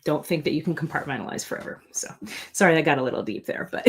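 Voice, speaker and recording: A woman's voice: deep voice, lively intonation, quick pace, slightly rough. A middle-aged woman, an author hosting her own channel, chatting casually and earnestly to viewers, rambling with many fillers and restarts and laughing at herself. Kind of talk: casual live chat to viewers.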